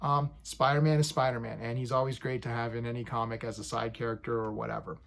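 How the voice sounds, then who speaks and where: A man casually reviewing a comic, excitable and animated, paraphrasing characters' lines in quick bursts. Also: medium pitch, gravelly.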